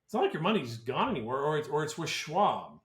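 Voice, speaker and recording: A man's voice: on the high side, very animated, fast talker, a bit bright. A man who advises on tax planning talks on a podcast in a casual, blunt and opinionated way, often restarting his sentences. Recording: roomy echo.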